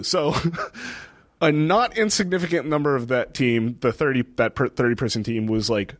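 Recorded dry and at studio quality, a young podcast co-host from a city in the northeastern United States tells stories in a medium-pitched voice at a moderate pace. The chat is casual; he laughs a lot and performs what people said.

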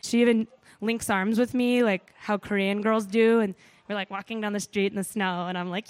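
A woman telling a comic travel story on stage, animated, swearing freely and saying "like" a lot. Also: mid-range voice, moderate pace, clean tone, no echo. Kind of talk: live comedic storytelling.

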